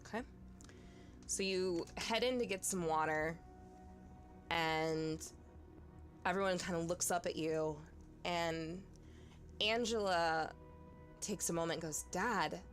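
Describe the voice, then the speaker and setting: Brief: woman game master, low voice, slow hesitant narration, faint music underneath. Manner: hesitant, many fillers, second-person narration. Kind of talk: narrating a tabletop horror game.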